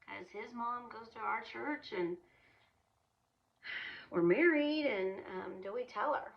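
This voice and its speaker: Chatty woman with a gravelly edge. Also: a little high, slow pace, dull audio. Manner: chatty, laughs often, many fillers and restarts. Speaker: vlogger, single mom. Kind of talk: casual storytelling testimony.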